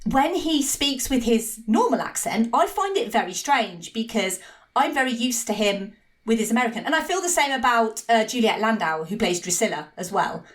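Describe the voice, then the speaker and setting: Woman, English Midlands accent, higher voice, candid and wry, podcast guest. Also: animated, normal speed. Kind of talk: casual chat.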